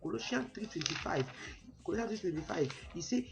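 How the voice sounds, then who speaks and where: A man's voice: sits high, animated, brisk, creaky, soft background music. A man with a Warri Nigerian Pidgin accent delivers a comic pidgin sermon. He is emphatic and acts out his anecdotes. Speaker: comic preacher.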